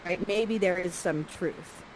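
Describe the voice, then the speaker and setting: A woman coaching actors through a scene, lively and acting out lines for the performers. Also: fairly low pitch, takes it slowly, slight background noise, poor audio.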